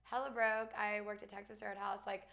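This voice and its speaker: Lively, bright-voiced young woman chatting. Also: medium pitch, fairly quick, vocal fry. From Alabama. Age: young adult. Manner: chatty, laughing, lots of fillers. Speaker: guest. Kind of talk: casual chat.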